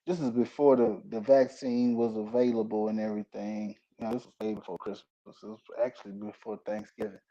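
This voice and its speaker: A man hosting a casual chat, telling rambling, animated stories. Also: lowish voice, fairly quick, hardly any pauses. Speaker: host. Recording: dull lo-fi recording.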